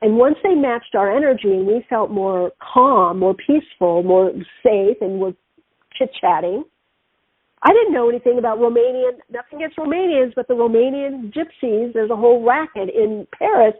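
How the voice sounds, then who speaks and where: Husky-voiced woman on a tinny phone line. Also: fairly high pitch, normal speed, dry recording. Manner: animated, acts out quoted voices. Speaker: radio show host. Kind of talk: spiritual talk-show monologue with storytelling.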